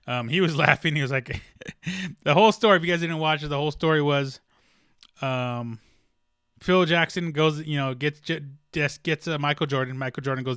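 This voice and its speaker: A man's voice: on the high side, bright, forceful tone, no room sound, clean studio sound. A young man hosting a casual solo sports podcast, rambling with many ums and restarts. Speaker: podcast host.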